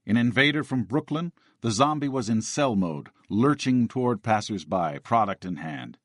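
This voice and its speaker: A man narrates an audiobook with expressive storytelling, his mid-range voice at normal speed in a dry, studio-quality recording.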